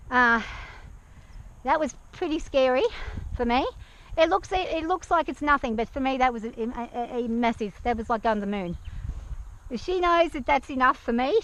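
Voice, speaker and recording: A woman's voice: fairly high pitch, lo-fi sound. Nervous woman talking from horseback. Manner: anxious, hesitant, soothing her horse softly. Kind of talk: talking to camera while riding. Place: outdoors on a farm, on horseback. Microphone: action camera worn by the rider. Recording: outdoor action-camera audio.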